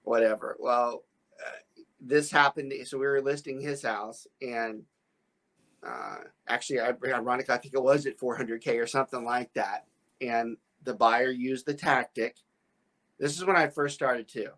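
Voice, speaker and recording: A real estate broker hosts a podcast in a medium-pitched, slightly bright voice, keeping a moderate pace and fairly even intonation. He rambles as he tells his story, stammering and restarting often and laughing frequently.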